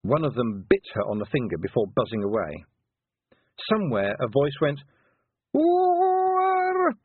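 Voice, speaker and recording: A man narrates a storybook with an expressive, lively lilt that rises and falls a great deal. His voice is husky and comes through a thin, phone-like band. The recording is bone dry, with no room sound. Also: lowish voice, brisk, no room sound. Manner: expressive, varied delivery. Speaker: audiobook narrator.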